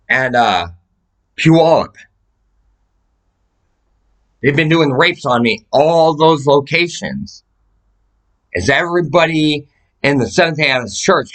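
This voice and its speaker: A man's voice: on the high side, fairly bright tone, rough recording. A man talks straight to the camera in a long, rambling rant. He swears constantly, pleads urgently and jumps between subjects. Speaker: vlogger.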